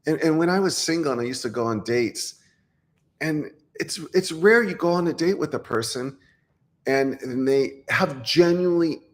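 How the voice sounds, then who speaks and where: A man's voice: a little high, expressive, moderate pace. Blunt opinionated man. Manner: opinionated, blunt, restarts often. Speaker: life coach. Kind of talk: casual talking-head monologue.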